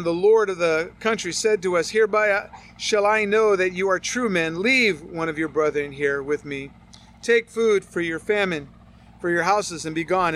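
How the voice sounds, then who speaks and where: A man with a high, light voice teaches through a scripture passage. He reads the old verses steadily, then drops into casual, plainspoken asides to his listeners. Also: fairly bright tone. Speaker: preacher. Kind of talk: Bible study sermon.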